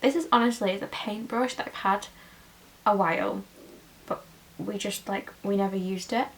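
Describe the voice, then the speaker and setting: A woman's voice: medium pitch, moderate pace, poor audio. A woman, chatting her way through a casual makeup tutorial at home in a rambling, talkative way. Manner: chatty and rambling, full of "like" and "you know". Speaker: makeup vlogger.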